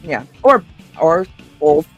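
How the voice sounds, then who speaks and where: Woman co-host, husky and lively, high voice, quick reactions. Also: dull audio, faint music behind. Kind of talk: casual chat.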